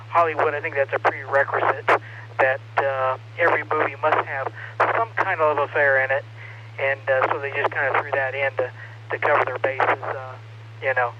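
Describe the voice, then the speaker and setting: A man on an amateur radio net, chatting casually in a relaxed, hesitant way with many fillers. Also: fairly high pitch. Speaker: ham radio net participant. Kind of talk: casual on-air chat over radio. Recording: muffled radio audio with loud static.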